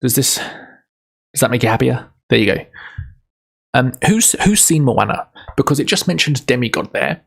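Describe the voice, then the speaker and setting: A man's voice: mid-range voice, lively intonation, normal speed, vocal fry, long pauses, fairly bright tone, breathy edge. A man on a casual livestream who rambles, interrupts himself and laughs easily, then reads a book aloud.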